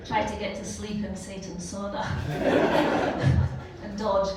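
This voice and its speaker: Woman, Glaswegian accent, scripted comic monologue, slow delivery, echoey venue, distant mic. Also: mid-range voice, level tone, heavy background noise. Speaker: comedy performer.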